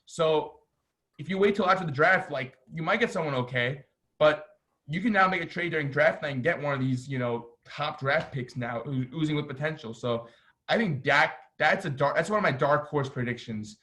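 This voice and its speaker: A man with a slightly raised voice hosts a casual sports podcast. He rambles, gets excited and pokes fun at himself, with quick fillers between thoughts. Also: a little high. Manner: excitable, rambling, self-deprecating. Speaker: podcast host.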